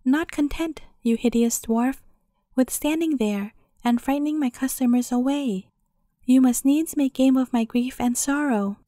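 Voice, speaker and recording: A woman's voice: high-pitched, a little slow, no echo, studio quality. A woman voicing a scornful, angry market mother. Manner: scolding, sharp-worded.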